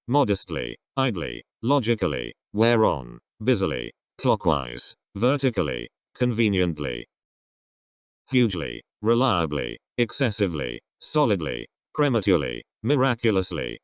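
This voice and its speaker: Deep-voiced man reading a word list. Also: no room sound, clean studio sound. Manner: reads isolated words one by one in a falling list cadence. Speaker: vocabulary word reader.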